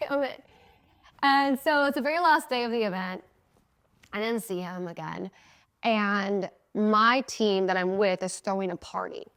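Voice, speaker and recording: A woman's voice: mid-range voice, normal speed, a bit bright, clean tone. A woman in her thirties hosts a podcast and tells a personal story in a casual, chatty voice. She slips into her own past lines as she tells it and laughs between phrases. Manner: laughs often mid-sentence. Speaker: podcast host.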